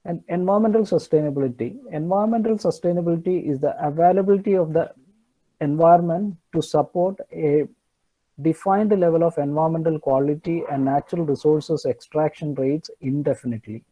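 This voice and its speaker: A man's voice: a little high, fairly quick, warm tone, poor audio. A man giving an online engineering lecture, hesitant with many fillers and restarts.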